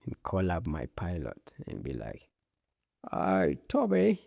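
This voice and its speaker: A man's voice: rumbling low, lively intonation, moderate pace, creaky, darkish tone, no room sound. A man hosting a casual solo talk show, rambling in a laid-back way, swearing often and laughing at his own jokes. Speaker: podcast host.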